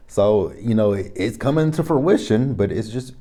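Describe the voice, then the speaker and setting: A man in his thirties reviews a reality show in a casual, rambling vlog from his home studio, correcting himself and retelling conversations. His voice sits on the low side, warm, animated and unhurried.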